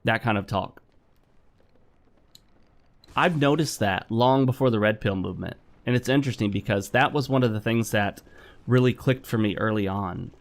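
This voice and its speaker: A man's voice: on the low side, moderate pace, pauses often. Blunt lecturing man over gameplay. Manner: lecturing, blunt, repeats himself. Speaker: gaming commentator. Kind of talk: opinionated commentary over gameplay.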